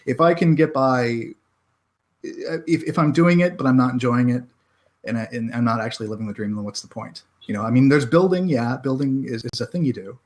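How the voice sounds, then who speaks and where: American male author, guest on a podcast; halting, wry, conversational. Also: medium pitch. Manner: halting, many restarts and self-deprecating laughs. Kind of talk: casual podcast chat.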